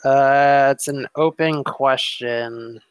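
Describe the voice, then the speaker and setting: A man's voice: medium pitch, fairly even intonation, slow pace, clean tone, dry recording, poor audio. A man running a tabletop game as game master, talking in a laid-back, casual way with some swearing.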